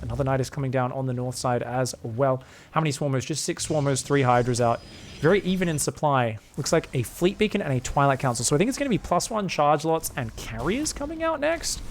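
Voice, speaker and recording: A young man casting a live strategy game, excitable and crude, rambling between plays and shouting at the action. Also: mid-range voice, slight background noise. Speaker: game caster.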